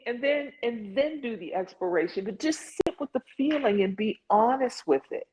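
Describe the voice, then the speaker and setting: A woman's voice: on the high side, animated, normal speed, a little mellow, husky. A woman guiding an online support group, talking in an earnest, conversational way over a video call. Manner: conversational, earnest, lots of "like" and "you know". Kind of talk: guided online group session. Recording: dull lo-fi video call audio.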